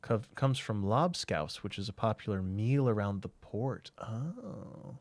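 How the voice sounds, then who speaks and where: A man's voice: fairly low pitch, expressive, slow pace, vocal fry, hardly any pauses, a little mellow, dry recording. A man streaming a game, chatting casually and thinking aloud while he answers chat.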